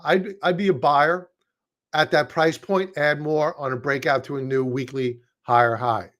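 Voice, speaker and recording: Brooklyn guy talking stock charts, kinda high voice, chatty and jokey. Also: fairly even intonation, unhurried, a bit bright. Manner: chatty, self-deprecating, wordy restarts. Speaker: market analyst. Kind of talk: casual market commentary.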